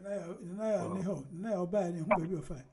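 A man's voice: high-pitched, very fast, very noisy. A man hosting casual political commentary, rambling and emphatic, with frequent laughter.

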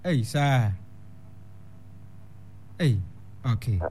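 A man hosting a call-in radio show, questioning callers and slowly reading out a phone number. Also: medium pitch, animated, a little mellow, breathy edge.

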